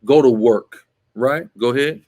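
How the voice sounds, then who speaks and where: A man teaches a Bible class emphatically, scolding as he goes, repeatedly tagging his points with "right?" and telling the reader to continue. His voice is mid-range and somewhat dark, delivered at a measured pace.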